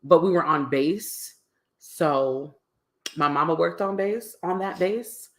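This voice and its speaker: A woman podcast co-host telling animated school stories in casual chat. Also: low voice, slow.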